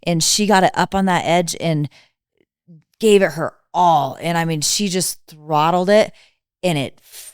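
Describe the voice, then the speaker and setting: Low, smooth-voiced woman telling riding stories. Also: measured pace, no room sound, clean studio sound. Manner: relaxed storytelling with many fillers. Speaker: snowmobile riding instructor. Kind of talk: casual podcast chat.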